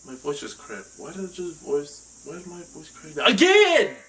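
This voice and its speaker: A man's voice: a little high, lively intonation, normal speed, faint music behind. A man hosting a solo talk-show style commentary video, rambling and repeating his phrases with many fillers.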